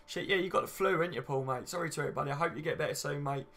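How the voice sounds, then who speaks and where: Gravelly-voiced man chatting on a livestream. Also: on the high side, very fast, fairly bright tone. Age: late 20s. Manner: chatty, matey, swears casually, says "you know what I mean" a lot. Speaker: fan channel livestream host. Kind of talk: casual live chat reading viewer comments.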